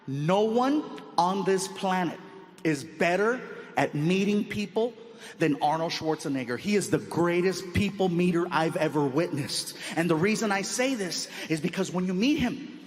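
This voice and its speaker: A male comedian telling an animated stand-up story on stage, acting out scenes and yelping. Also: sits high, moderate pace, long reverb tail.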